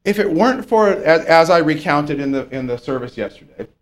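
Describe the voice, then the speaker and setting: A man preaching a sermon in a conversational way, often checking in with his listeners and swinging between loud and soft. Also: a little high, lively intonation, brisk.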